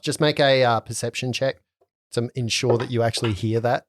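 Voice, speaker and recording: A man running a tabletop game, describing scenes in a loose, rambling way. His pitch is middling and the sound is dry and close to the mic. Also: a little fast, no echo. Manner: descriptive, relaxed, with restarts. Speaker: game master.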